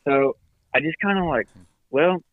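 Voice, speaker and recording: A man casually telling a long, animated golf story on a podcast, often laughing and acting out what people said. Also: mid-range voice, fast, breathy edge, phone-quality sound. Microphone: phoned in.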